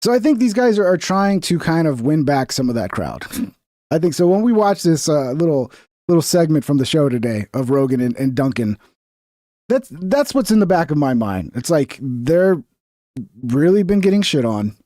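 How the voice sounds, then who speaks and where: Young guy ranting on his stream, kinda high voice, mellow tone, dry close mic, swears a lot. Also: big pitch swings, moderate pace, dry recording. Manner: blunt, profane, sarcastic. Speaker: streamer reacting to news. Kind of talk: casual livestream commentary.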